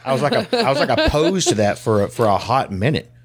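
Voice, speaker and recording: A man in casual chat who swears constantly and rambles in an animated way. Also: medium pitch, fairly quick.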